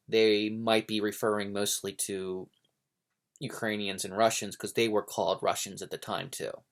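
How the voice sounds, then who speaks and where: A man's voice: on the low side, creaky, a bit bright. A man from the United States talking in a casual, rambling monologue, hesitant with many fillers, restarts and opinionated tangents. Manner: digressive, opinionated. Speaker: book vlogger.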